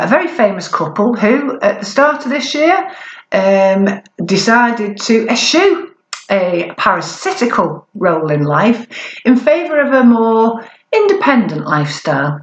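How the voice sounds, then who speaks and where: A woman performing spoken-word poetry with a defiant, deliberate, drawn-out delivery. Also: medium pitch, big pitch swings, muffled recording. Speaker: performance poet. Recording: echoey room.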